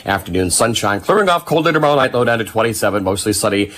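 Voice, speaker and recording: A man's voice: lowish voice, animated, a bit bright. A man giving a folksy radio weather forecast as the station meteorologist. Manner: brisk, folksy forecast delivery.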